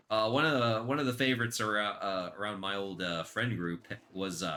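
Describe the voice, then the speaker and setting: A man's voice: on the low side, steady tone, moderate pace, few pauses, bright, forceful tone. A man casually commenting while streaming a western video game; he is chatty and rambling and laughs often.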